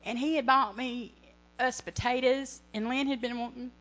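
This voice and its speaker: A woman's voice: on the high side, steady tone, moderate pace, a bit bright. A middle-aged woman sharing a church testimony, earnest and rambling, often correcting herself. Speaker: ministry speaker.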